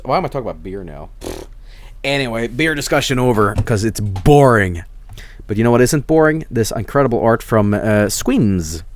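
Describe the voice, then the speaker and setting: A man streaming, chatting casually and rambling with many restarts and plenty of swearing. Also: mid-range voice.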